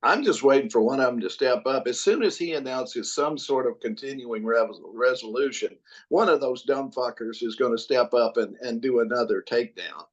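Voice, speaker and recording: A man guesting on a podcast, hammering his points home by repeating words and swearing freely. His voice sits at a middle pitch, and the audio comes through somewhat dull and muffled. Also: moderate pace. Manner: emphatic and profane, repeats phrases for force. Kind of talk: casual political chat.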